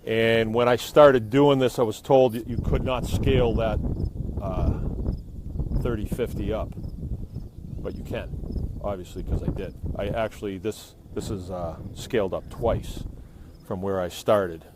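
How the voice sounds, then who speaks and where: A man's voice: on the low side, measured pace, background noise. Middle aged new guy rambling on his phone outside, easygoing and jokey, faint fire roar behind. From New England. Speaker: biochar maker streaming live. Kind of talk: casual live-stream demonstration. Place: outdoors beside a burning kiln. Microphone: phone held by the speaker.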